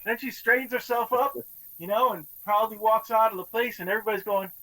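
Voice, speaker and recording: Guy with a high bright voice spinning family stories, swears a lot, podcast chat. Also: steady tone, fast, rough recording. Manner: storytelling, acts out quoted relatives with swearing. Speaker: podcast host. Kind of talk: casual chat.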